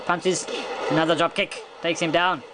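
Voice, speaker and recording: A man giving excitable play-by-play commentary on a video game wrestling match, chuckling and stumbling over his words, his voice jumping high at big moves. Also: normal speed, very noisy.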